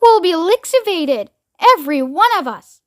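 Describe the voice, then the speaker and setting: A woman's voice: high voice, expressive, measured pace, a bit bright. A woman voicing a timid, fretful old grandmother who frets and wails. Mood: frightened.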